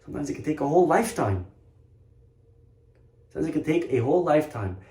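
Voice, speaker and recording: This rabbi's voice is on the high side, fast, sing-song and dark in tone. He gives an earnest storytelling sermon, emphatically repeating himself, captured with a roomy echo.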